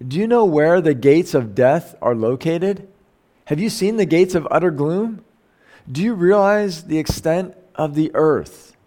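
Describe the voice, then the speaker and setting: Middle-aged man, sermon, slightly high voice, chatty rhetorical questions, reads then explains. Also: animated, unhurried, dark tone. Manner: conversational, asks rhetorical questions, self-corrects while reading. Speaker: pastor. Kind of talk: sermon reading and explaining scripture.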